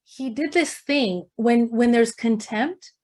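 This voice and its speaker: A woman with a fairly high voice runs an interactive workshop, firing questions at the room. She shifts into personal stories with animated, expressive delivery. She sounds middle-aged and at ease in front of a group. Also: takes it slowly. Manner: animated, questioning the audience, storytelling. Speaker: speaker leading a leadership workshop. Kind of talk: interactive talk to an audience.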